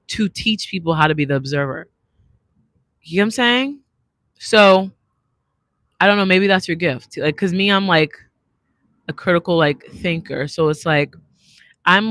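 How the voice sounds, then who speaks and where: Bright-voiced woman chatting on a livestream. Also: on the low side, no room sound. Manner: rambling, slangy, reads viewer comments aloud. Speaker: artist hosting a livestream. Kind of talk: casual live chat.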